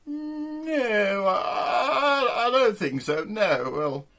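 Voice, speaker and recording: A man's voice: sits high, lively intonation, drawn-out words, fairly bright tone, pitched above the performer's own voice, heavily acted. A man voicing a tearful posh young woman turning down advances.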